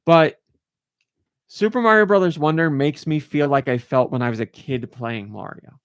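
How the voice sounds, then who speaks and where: Man, podcast host, casual chat, gushing, slightly high voice, resonant. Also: normal speed, clean tone, no echo, studio quality. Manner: gushing, enthusiastic.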